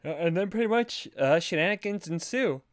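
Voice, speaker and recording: A man with a clear, fairly high voice, sarcastic and goofy as he recaps a movie and spins mock conspiracy theories. His voice is crisp and close to the mic, with a dry sound and no room echo. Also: expressive, fairly quick. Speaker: podcast co-host. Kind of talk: casual movie recap chat.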